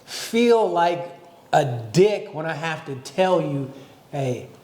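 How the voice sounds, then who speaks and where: A man's voice: a little high, animated, takes it slowly, darkish tone. A man co-hosting a podcast, telling stories from his tours in a casual, reflective way with some swearing. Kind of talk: casual chat. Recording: echoey room.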